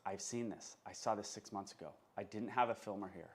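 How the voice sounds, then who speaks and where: A man's voice: on the low side, brisk. A man, a dog trainer, giving an emphatic, unscripted talk and often stopping to check that his listeners follow. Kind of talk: casual instructional monologue.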